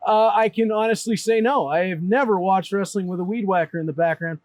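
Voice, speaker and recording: Male guest, fairly high pitch, dry close sound, teasing and provoking. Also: brisk, a little mellow, no echo. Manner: needling, playful, provoking. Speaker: guest, play-by-play announcer. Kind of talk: comedic casual banter. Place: outdoors in a backyard.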